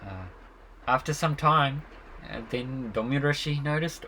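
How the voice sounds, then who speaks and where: A man tells a devotional story in a relaxed way, pausing often on fillers. His voice is bright and clear, with faint noise behind. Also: mid-range voice, poor audio. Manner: relaxed, with frequent fillers and chuckles.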